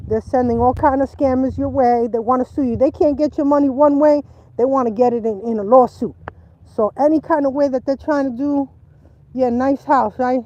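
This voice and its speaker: High-voiced woman livestreaming outdoors. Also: highs cut off. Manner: animated, repetitive, emphatic. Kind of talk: casual livestream chat. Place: outdoors by a river.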